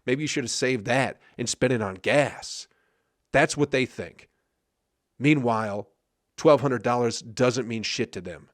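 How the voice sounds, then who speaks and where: A man's voice: mid-range voice, no echo, clean studio sound. A man from Flint, Michigan, hosting his comedy podcast, ranting and swearing constantly and often asking "you know what I mean, people?". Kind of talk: profane ranting monologue.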